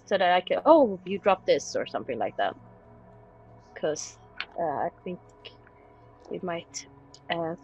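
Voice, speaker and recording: A woman's voice: fairly low pitch, slightly rough, highs cut off. A woman playing a tabletop game, thinking aloud in a hesitant way. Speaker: player.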